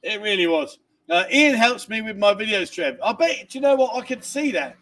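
High-voiced, cheeky livestream host. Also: male voice, lively intonation, normal speed, fairly bright tone. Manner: cheeky, banters and laughs while reading comments. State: tired from lack of sleep. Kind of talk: casual livestream chat reading viewer comments.

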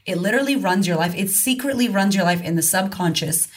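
A woman's voice: medium pitch, expressive, fast, husky. A woman confidence coach, a guest in a casual podcast conversation, talking frankly and emphatically and swearing casually.

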